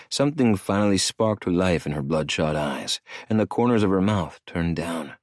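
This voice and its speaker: A man narrating an audiobook in the first person with an expressive, dramatic delivery. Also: deep voice, moderate pace, few pauses, no room sound, studio quality.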